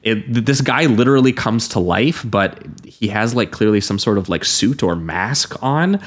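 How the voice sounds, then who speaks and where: A man's voice: on the low side, lively intonation, normal speed. A man co-hosting a podcast, chatting loosely about films, swearing and filling with "like". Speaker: podcast co-host. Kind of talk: casual film discussion.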